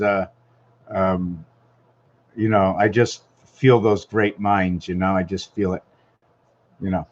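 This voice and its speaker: A man's voice: lowish voice, muffled recording. A man rambling in a casual vlog monologue at home, thinking aloud and wandering from topic to topic. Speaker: vlogger.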